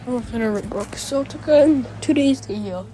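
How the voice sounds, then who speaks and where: A woman's voice: a little high, a little fast, mellow, slight background noise, poor audio. A woman retelling a fan-made story in a rambling way, with many restarts and fillers.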